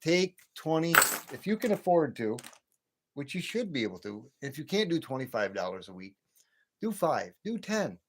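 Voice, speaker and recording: A man's voice: a little high, very animated, moderate pace, background noise. A man in his late fifties hosting a late-night livestream, ranting and rambling with many repeats and restarts. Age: 50s. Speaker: livestream host.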